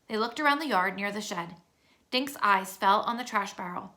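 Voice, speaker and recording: Woman narrator for a kids' chapter book read-aloud: steady, clear delivery, bright tone. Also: mid-range voice, moderate pace.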